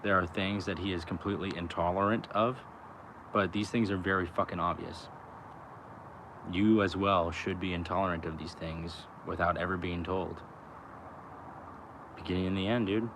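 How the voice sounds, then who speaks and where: A man's voice: sits low, steady tone, normal speed, long pauses, noisy background. A young adult man rambling about spirituality outdoors, in loose slang full of "like" and "you know" and frequent swearing. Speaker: vlogger. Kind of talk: rambling spiritual musing to camera.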